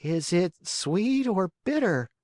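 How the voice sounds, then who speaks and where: A man's voice: sing-song, takes it slowly, darkish tone, no echo, studio quality, exaggerated voice. A man doing a whiny stubborn puppet boy. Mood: whining. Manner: whiny, petulant, shrill outbursts. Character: whining stubborn boy marionette, feverish. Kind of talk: audiobook character voice.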